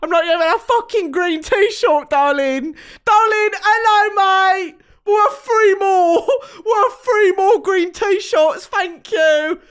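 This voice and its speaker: A woman's voice: extremely high pitch, slow, few pauses, a bit bright, voice pushed up, exaggerated voice. A woman putting on an exaggerated British accent to mock a brash, rowdy drinker, drawling and swearing. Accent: put-on British.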